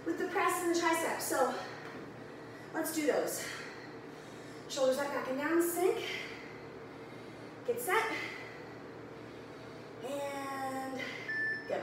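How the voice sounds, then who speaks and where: A woman from the Midwest coaches a home workout in a high voice, a little breathless as she exercises along. She chats between moves at an easy, slow pace. Her voice rings through a very echoey room, picked up from a distance. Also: expressive, background noise. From American Midwest. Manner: chatty, cues moves while exercising. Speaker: fitness instructor.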